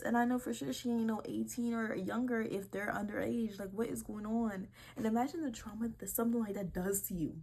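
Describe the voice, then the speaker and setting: A young woman hosting a casual vlog, reading posts aloud and reacting with animated disbelief and swearing. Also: on the high side, normal speed, vocal fry, hardly any pauses. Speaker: video creator.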